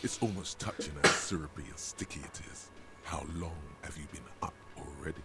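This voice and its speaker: A man voicing the inner narrator of a detective's mind, measured, clinical and wry. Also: very deep voice, roomy sound, over loud music. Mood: narrating.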